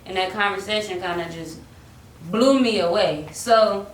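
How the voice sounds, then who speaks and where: Her voice is medium in pitch and a touch slow as this young woman tells a relaxed story about her life in music. Lively throughout, she performs the quotes and drifts into bits of singing, captured by a distant mic in a roomy space with light hiss.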